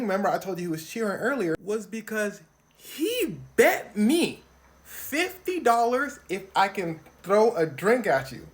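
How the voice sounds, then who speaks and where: A woman telling a comic story in a slangy, animated way, acting out quoted lines in funny voices. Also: medium pitch, a little slow. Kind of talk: comic storytelling retelling a sports brawl.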